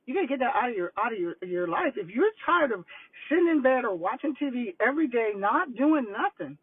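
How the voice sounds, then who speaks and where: An older woman coaching on vision boards, telling stories in a casual, animated, rambling way. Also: a little high, a little fast, slightly rough, no room sound. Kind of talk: casual livestream talk. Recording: tinny phone-like line, dry.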